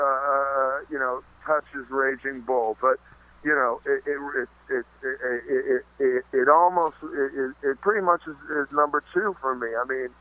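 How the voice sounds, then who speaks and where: A man being interviewed in casual chat, halting with many restarts and fillers, and swearing freely. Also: fairly high pitch, no echo, narrow, tinny audio. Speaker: interview guest.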